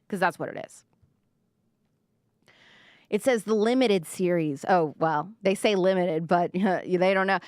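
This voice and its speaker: A woman's voice: lowish voice, unhurried, long pauses, darkish tone, no echo, clean studio sound. A woman hosting a live-stream commentary show, talking sarcastically and mockingly. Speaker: podcast host.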